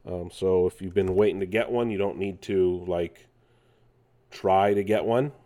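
A man's voice: low-pitched, fairly even intonation, measured pace, mellow. A man casually hosting gaming news, rambling with many fillers and restarts. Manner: rambling, with frequent fillers and self-corrections.

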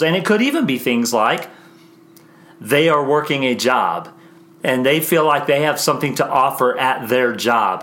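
A man of ordinary mid pitch hosts a podcast interview. He muses aloud, restarting and trailing phrases as he works toward his questions. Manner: warm, musing, many restarts and trailing phrases. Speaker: podcast host. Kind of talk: conversational interview.

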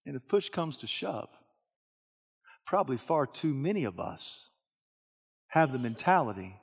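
A man preaching a sermon, telling a story in the second person and swinging from hushed tones to shouting. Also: mid-range voice, sing-song, measured pace, creaky, pauses often, breathy edge, in a large hall. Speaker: pastor.

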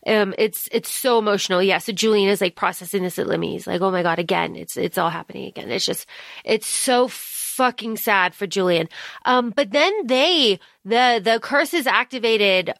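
A woman's voice: medium pitch, moderate pace, vocal fry, a bit bright, no echo, clean studio sound. Swearing, emphatic woman recapping a book. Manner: emphatic, swears freely, acts out characters' lines. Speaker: podcast co-host. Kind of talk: casual book recap chat.

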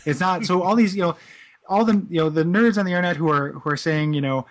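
A man in his thirties co-hosting a casual chat, rambling with many "like"s and "you know"s and laughing easily. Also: high-pitched. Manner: amused, quick to laugh. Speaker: podcast co-host. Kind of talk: casual chat about a video game.

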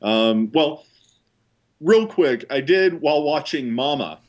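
A man's voice: fairly high pitch, lively intonation, slow. Rambling man co-hosting a podcast. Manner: rambling, hedging storyteller. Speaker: podcast co-host. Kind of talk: casual podcast chat.

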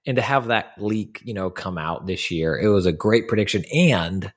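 A man's voice: on the low side, animated, normal speed. A man co-hosting a casual podcast chat, teasing his partner and laughing often. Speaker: podcast co-host.

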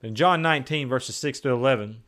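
A man preaching a sermon in a conversational way. He moves between raised, emphatic declarations and hushed, slow asides. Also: medium pitch. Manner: conversational, with plain everyday phrases.

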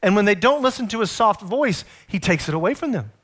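A middle-aged man preaching a sermon, earnest and storytelling, slowing down to stress his points. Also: high-pitched, lively intonation, fairly bright tone. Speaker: pastor.

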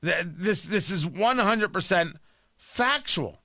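A man's voice: sits high, expressive, slow, bright, forceful tone, dry recording. Combative sarcastic male political host. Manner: sarcastic, combative, emphatic repetition. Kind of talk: opinionated political monologue.

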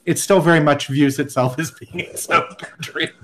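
A man in a relaxed podcast conversation, his voice sitting a bit high for a man. He tells a long tale in loose, halting bursts, often stopping to restart a sentence before getting to the point. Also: low-quality recording. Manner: rambling storyteller with frequent restarts. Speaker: podcast guest. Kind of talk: casual chat.

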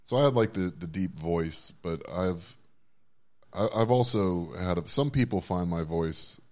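A man with a very deep voice co-hosts a casual podcast. He talks in long, winding stretches, swears freely and makes fun of himself. His delivery stays loose and chatty. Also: unhurried, a little mellow. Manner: wordy, profane, self-deprecating. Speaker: podcast co-host. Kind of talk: casual chat.

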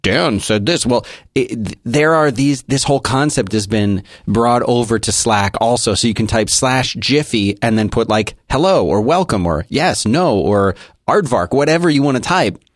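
A man's voice: medium pitch, lively intonation, normal speed, dry recording, studio quality. A man co-hosting a casual podcast, eagerly explaining things and laughing along. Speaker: podcast co-host.

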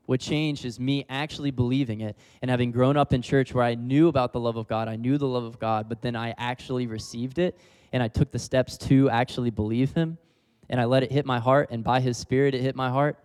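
Young male preacher, casual and giggly delivery, medium pitch, long-reverb hall. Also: fairly even intonation, a little fast, few pauses, a little mellow. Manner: casual, laughs often, leads the crowd in repeating lines. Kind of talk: sermon.

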